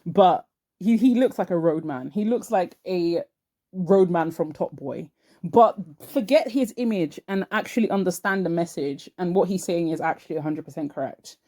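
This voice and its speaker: A woman's voice: on the low side, normal speed, dark tone. A woman hosting her channel, chatting casually and emphatically as she sets up a clip. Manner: chatty, emphatic, repeats herself. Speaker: channel host. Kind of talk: casual commentary.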